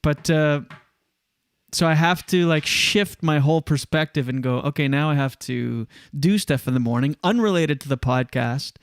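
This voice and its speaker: A man's voice: on the high side, moderate pace, smooth, no room sound. A man hosting a live podcast from a windowless studio room, talking in a rambling, chatty way and often correcting himself. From Canada. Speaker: podcast host. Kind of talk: casual live podcast chat.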